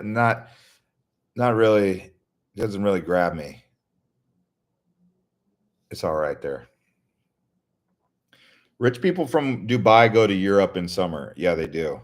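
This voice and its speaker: A man's voice: deep voice, lively intonation, takes it slowly, long pauses. A man from the United States hosting a casual live stream, answering viewer questions and telling rambling travel stories with frequent restarts. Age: adult, Navy veteran.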